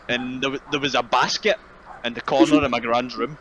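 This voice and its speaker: A man's voice: mid-range voice, steady tone, a little fast, a bit bright, a little hiss or hum, poor audio. A young man, co-hosting a casual podcast and telling crude, rambling stories. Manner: rambling, laughing storyteller with crude humor. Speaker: podcast co-host. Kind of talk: casual chat.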